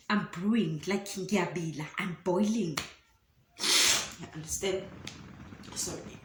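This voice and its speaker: A young South African woman vlogger with a South African accent, telling a personal story in an animated way and slipping into isiZulu words. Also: on the low side, slow, long pauses. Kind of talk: storytime vlog. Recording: roomy room with faint ambient noise.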